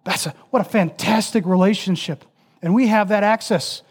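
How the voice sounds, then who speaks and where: A male preacher with a high-pitched voice delivers an impassioned sermon. He stacks repeated phrases into building lists, then sinks to a hushed, almost whispered voice to land a point. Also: normal speed, slightly rough. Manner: dramatic drops to a soft, near-whispered voice for emphasis.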